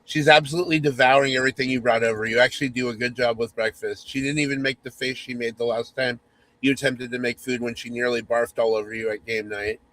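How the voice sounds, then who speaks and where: Male host reading a spoof romance aloud; mock-sultry, teasing, medium pitch. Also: fairly even intonation, quick pace, a bit bright, rough recording. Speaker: podcast host.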